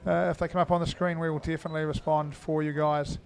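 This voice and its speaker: Middle-aged guy calling indoor cricket, kinda high voice, lots of ums and you knows. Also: level tone, quick pace, creaky. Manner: chatty, thinks aloud with many fillers. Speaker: commentator. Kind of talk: live indoor cricket commentary.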